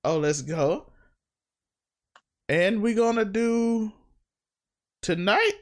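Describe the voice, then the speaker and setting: A man hosting a podcast in casual chat, joking with quick asides. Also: high voice. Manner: joking, acts out relatives' voices, quick asides. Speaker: podcast host.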